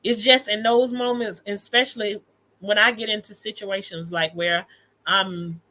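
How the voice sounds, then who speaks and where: Bright-voiced woman chatting candidly on a livestream. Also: mid-range voice, fairly even intonation, a little slow. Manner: candid, emphatic storytelling with frequent laughs. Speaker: livestream host and mother. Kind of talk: casual livestream chat.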